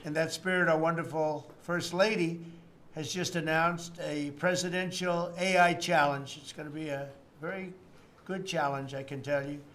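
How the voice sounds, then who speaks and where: A man's voice: a little high, fairly even intonation, moderate pace, a bit bright. A man in his seventies with an American accent, a politician giving rambling, repetitive, boastful off-the-cuff remarks at a meeting, with mocking asides. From United States. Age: 70s. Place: indoor meeting room.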